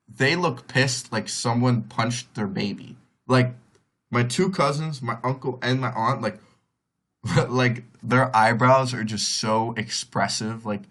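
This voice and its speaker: A man's voice: medium pitch, fairly bright tone. A young man tells a story alone into the mic, loose and chatty. His voice sits in an ordinary middle register. He keeps saying "like", restarts his sentences and briefly mimics relatives as he goes. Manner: rambling, heavy on "like", acts out others' voices. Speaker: podcast host. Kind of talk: casual storytelling monologue.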